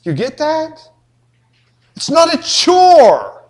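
Pastor guy, kinda high voice, folksy and jokey, preaching a sermon. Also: extremely slow. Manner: folksy, joking, animated storytelling.

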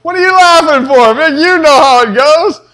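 A middle-aged preacher with a fairly high voice, telling homey stories and jokes to his congregation. He swings between soft asides and animated, emphatic preaching. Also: moderate pace. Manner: folksy, joking, animated storytelling. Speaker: pastor. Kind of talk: sermon.

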